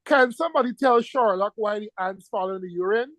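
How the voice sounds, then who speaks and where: A male teacher giving a classroom lecture, lively and teasing, firing questions at his students. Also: sits high, a little fast, no echo, low-quality recording.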